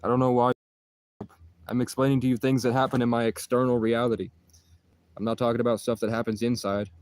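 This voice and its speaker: A man's voice: medium pitch, flat delivery, brisk, a little mellow. A man in a casual vlog monologue, talking in an intense, rambling, profane way.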